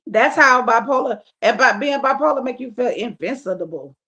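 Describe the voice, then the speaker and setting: A woman's voice: on the high side, lively intonation, moderate pace, sharp tone. A woman comedian, a guest on a podcast, talking in a casual, emphatic and profane way and often checking in with "you feel me".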